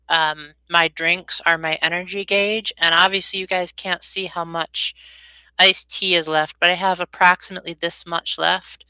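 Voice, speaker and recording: A young woman talks casually to her live-stream viewers, wandering off mid-sentence and filling gaps with ums. Her voice sits a little low but sounds bright and forceful, recorded close and dry with no room around it. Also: clean tone, no echo, rough recording. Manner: rambling, loses her train of thought, frequent ums.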